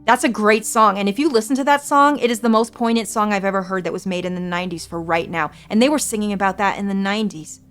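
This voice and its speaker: An American woman in her forties streams and chats casually with her viewers, earnest and reassuring while swearing freely. Her medium-pitched, slightly bright voice moves fast with hardly any pauses, over soft background music.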